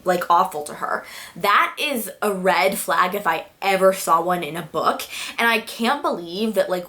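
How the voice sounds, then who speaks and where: A woman's voice: medium pitch, a bit bright. Exasperated, sarcastic woman reviewer. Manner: exasperated and sarcastic, swears freely. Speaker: book reviewer. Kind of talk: casual video rant.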